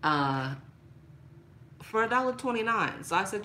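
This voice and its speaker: A woman talking casually and playfully to her viewers in a shopping haul vlog, laughing often and getting animated when she complains. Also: measured pace, a little hiss or hum. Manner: playful, laughs a lot, talks straight to viewers as "girl"; animated, rises high when mock-angry. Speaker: vlogger showing a shopping haul.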